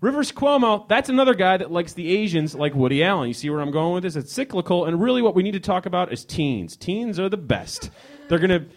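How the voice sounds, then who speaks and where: A man from Chicago riffs through a loose stand-up set, his pitch sitting a little high and leaping around constantly. He teases people in the crowd and keeps cutting himself off mid-sentence to start over. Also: very animated, a little fast. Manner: rambling, teasing the crowd, frequent self-interrupting restarts. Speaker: comedian performing for a small live audience. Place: hostel lounge, leaning on a leather couch.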